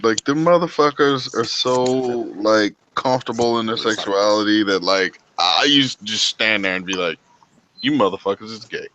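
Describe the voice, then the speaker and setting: A man's voice: on the low side, normal speed, a little hiss or hum, rough recording. A man from the United States hosting a livestream, swearing constantly as he tells long stories in casual chat with his friends. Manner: profane, rambling, animated storytelling. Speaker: livestream host. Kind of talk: casual group chat storytelling.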